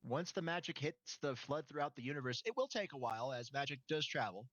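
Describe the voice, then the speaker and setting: A man narrating as game master of a tabletop game, lively and swearing freely. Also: medium pitch, brisk, no echo, dull audio. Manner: lively, swearing, laughs often.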